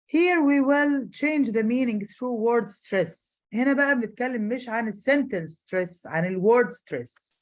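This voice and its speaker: A woman with an Egyptian accent teaching an English class online, explaining rapidly in Arabic and slowing down for careful English. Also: fairly high pitch, lively intonation, rough recording. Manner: switches fast between Arabic and slow careful English.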